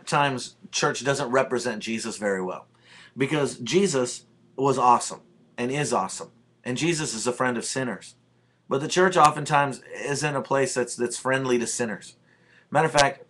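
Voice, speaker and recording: A man's voice: medium pitch, fairly bright tone. Blunt, plainspoken male pastor. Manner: blunt and plainspoken, with a conversational storytelling tone. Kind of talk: informal talk about church.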